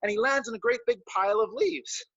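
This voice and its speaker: A man with a high voice tells a children's story on a live stream, animated and tossing in sound effects. The audio is dry and close, with a dull, lo-fi edge. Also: fairly quick, dry recording. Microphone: live stream mic.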